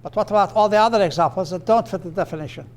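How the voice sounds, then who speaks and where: A man giving a grammar lecture, slowing down and stressing his example phrases. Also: sits high. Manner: explanatory, with fillers and restarts. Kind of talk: recorded lecture.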